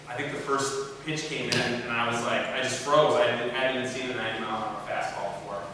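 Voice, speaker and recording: A man's voice: mid-range voice, noisy background. A middle-aged man giving a casual, joking talk as a guest chapel speaker, loose and full of fillers. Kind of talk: humorous storytelling talk. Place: large chapel hall. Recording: echoey chapel hall heard from far off.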